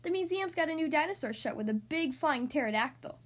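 A woman's voice: high voice, expressive, a little fast. Woman doing a cheerful boy lizard hero. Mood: excited.

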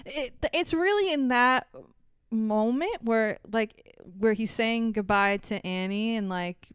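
A woman co-hosting a casual movie recap podcast. She is animated and sarcastic, and she swears freely. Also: on the high side, slow pace, smooth, no echo, clean studio sound. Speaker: podcast co-host.

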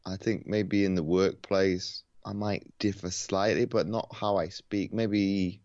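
A man with a very low voice talks in an easygoing, relaxed way, often stopping and restarting his sentences. The sound is dry and a little muffled, like call audio. He is hosting a podcast conversation. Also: measured pace, no echo. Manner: laid-back, hesitant with many restarts. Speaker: podcast host. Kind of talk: casual conversation. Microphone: video call.

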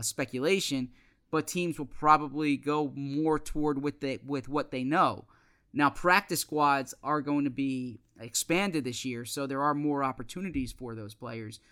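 A man co-hosting a sports podcast, explaining team news in a measured way with frequent restarts. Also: mid-range voice, a bit bright. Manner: measured, many restarts and fillers. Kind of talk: casual sports podcast chat.

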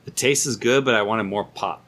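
A man, a brewer talking as a guest in a casual podcast chat, telling animated stories and laughing often. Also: on the low side, brisk. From United States.

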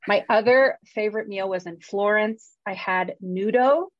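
A woman's voice: mid-range voice, measured pace, dry recording. A woman co-hosting a podcast, chatting casually and jokingly acting out her own thoughts. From California. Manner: chatty, self-mocking, acts out quotes. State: jet-lagged. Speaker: podcast co-host. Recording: slightly dull, dry audio.

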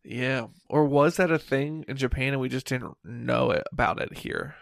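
A young man co-hosting a podcast in casual chat, self-mocking and quick to laugh. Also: medium pitch, vocal fry, no echo, clean studio sound. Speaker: podcast co-host.

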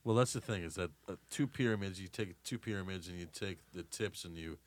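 A man's voice: deep voice, brisk. A man hosting a casual group chat, loose and joking, laughing often. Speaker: podcast host.

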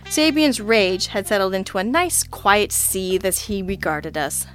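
A woman's voice: mid-range voice, sing-song, measured pace, fairly bright tone, faint music behind. Wry woman audiobook narrator. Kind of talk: first-person audiobook narration.

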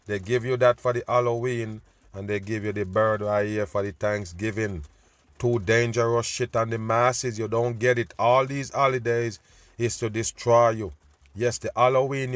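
A man's voice: medium pitch, no echo. Profane ranting male commentator. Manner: loud, preachy and profane, repeatedly calling out "people". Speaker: host. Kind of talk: ranting commentary over news clips.

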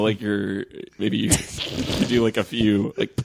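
A man in a casual podcast chat, talking haltingly and repeating words. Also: on the low side, little pitch movement, gravelly, a little hiss or hum.

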